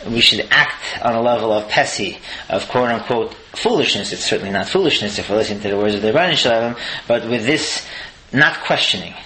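A man's voice: fairly low pitch, a little fast, sharp tone, slight background noise, low-quality recording. Earnest man giving a Torah lesson. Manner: earnest, explanatory, rhetorical questions. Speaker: Torah teacher.

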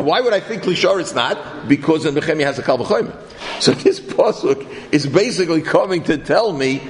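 Male Talmud teacher with a lively, questioning delivery, recorded with long room reverb. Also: fairly high pitch. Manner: animated, questioning, self-correcting. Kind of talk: Talmud class lecture.

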